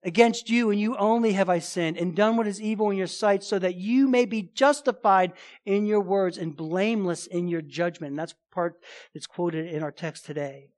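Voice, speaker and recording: A man's voice: high voice, moderate pace, darkish tone. A man preaching a sermon as pastor, emphatic, with rhetorical questions and casual asides.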